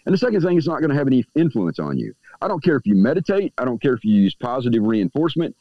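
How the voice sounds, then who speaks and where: With a mid-range, sing-song voice, the cigar-smoking guest talks rapid-fire about everyday magic on a casual podcast, acting out whoever he's quoting. The recording is dull, dry and lo-fi, with no room sound.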